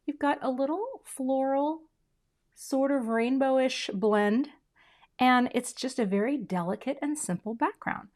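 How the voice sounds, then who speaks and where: A middle-aged woman talks through a crafting demo in a casual, chatty way, poking fun at herself. She often trails off into quiet murmurs while she works. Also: sits high, measured pace. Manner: chatty, self-deprecating, drops to soft murmurs while working. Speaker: craft video host.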